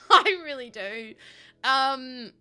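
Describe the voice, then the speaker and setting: Young woman streamer, bright, slightly high voice, giggly rambling chat. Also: expressive, drawn-out words, clean tone, faint music behind. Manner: chatty, giggly, rambling anecdotes. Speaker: live streamer. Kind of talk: casual chat while gaming.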